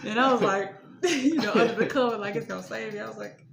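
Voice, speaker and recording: A woman guest casually telling her own faith testimony, chatty and quick to laugh. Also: medium pitch, vocal fry, crowd noise. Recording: echoey room, audible noise.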